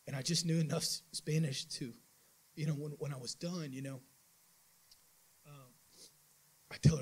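Husky-voiced man telling a mission story. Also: fairly high pitch, moderate pace, pauses often, poor audio. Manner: animated storytelling with many restarts and acted-out quotes. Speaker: church member giving a mission trip report. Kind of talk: informal sermon testimony.

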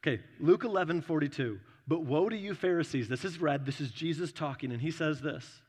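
A man's voice: on the high side, a little fast, darkish tone, husky. A man preaching a sermon as a pastor, conversational, acting out little voices as he tells his stories. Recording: long hall reverb.

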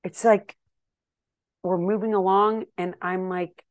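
A woman in her fifties telling a story to her viewers in a chatty, animated way, with exasperated asides. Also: medium pitch, slow, no echo, clean studio sound. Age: 50s. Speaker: vlogger and wellness coach.

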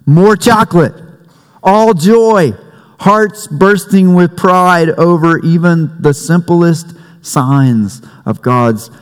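A man delivers a sermon in an unhurried, conversational way. He leans on jokes and family anecdotes. His voice carries a long reverb in a church sanctuary. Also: a little high. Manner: conversational preaching with humor and family stories. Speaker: pastor.

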